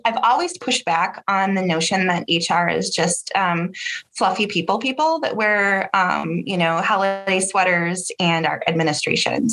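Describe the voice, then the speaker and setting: A woman guest on a podcast interview, upbeat and quick, chatting casually about her work and often laughing. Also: fairly low pitch, a bit bright.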